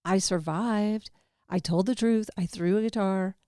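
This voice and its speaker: A woman's voice: medium pitch, unhurried, warm tone, smooth, dry recording. Candid rambling woman, dry close sound. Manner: rambling, candid, swings between laughter and grief; swears casually. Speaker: podcast host. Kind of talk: personal monologue.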